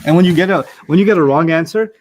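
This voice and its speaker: A man runs an online class in a quick, teasing way. His voice sits a little high for a man. He jokes with his students between points. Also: a little hiss or hum. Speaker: teacher.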